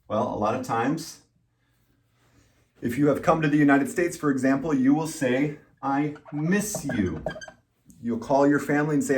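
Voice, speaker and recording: Slow, patient male English teacher. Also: medium pitch. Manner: slow and patient, repeating words and spelling out letters. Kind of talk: slow, deliberate pronunciation lesson.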